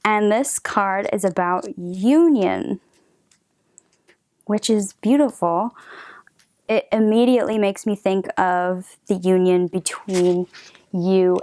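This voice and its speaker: A woman giving a gentle tarot reading, talking softly with hesitant restarts and frequent drops into a whisper. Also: medium pitch, no echo, clean studio sound. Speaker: tarot reader.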